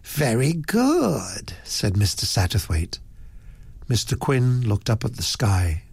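A man narrating a story aloud in a slow, expressive reading. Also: fairly low pitch, breathy edge, no room sound. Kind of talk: audiobook narration.

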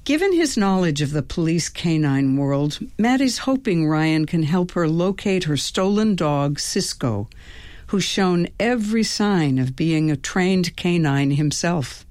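A woman with a low voice reads a novel aloud at an unhurried pace. Her narration is calm and measured as she hosts a radio reading, and the sound is close and dry. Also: dry recording. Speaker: radio host and reader.

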